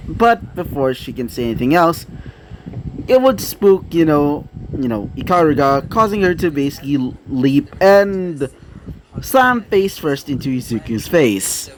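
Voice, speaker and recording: A man's voice: fairly high pitch, sing-song, a little slow, a little hiss or hum. Rambling man narrating fan fiction. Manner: rambling, many fillers and self-corrections. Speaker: storyteller.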